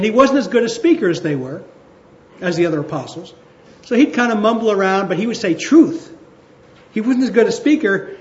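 A male pastor giving a conversational sermon in a church hall, slowing down to stress his points. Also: very high-pitched, a little mellow, muffled recording. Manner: conversational, with slowed emphatic phrases.

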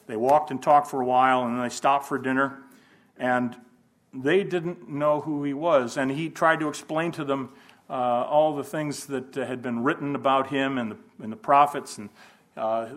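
A man teaches a casual Bible class in his ordinary mid-pitched voice. He thinks out loud, poses rhetorical questions to his listeners, and drops in homespun jokes. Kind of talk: informal Bible lesson.

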